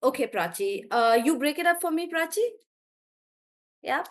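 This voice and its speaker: A woman's voice: high voice, expressive, normal speed. A woman teaching in a live online class, chatty and encouraging as she praises students by name and laughs often. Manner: laughs often between explanations. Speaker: English teacher.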